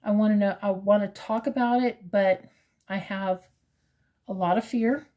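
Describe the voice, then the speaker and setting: A woman in her fifties, talking in a casual personal vlog with a hesitant, halting manner full of fillers, earnest and openly emotional. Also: medium pitch, fairly even intonation, warm tone. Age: 50s. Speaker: crochet vlogger.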